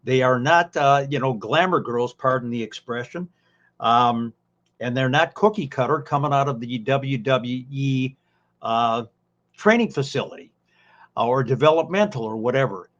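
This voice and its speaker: A man swapping old stories on a podcast, taking his time and padding his lines with fillers and folksy asides. His voice sits at a middling pitch. The audio comes through a little dull and lo-fi. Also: fairly bright tone. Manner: unhurried storyteller with many fillers and folksy asides. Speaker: podcast co-host, former ring announcer. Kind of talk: casual podcast chat.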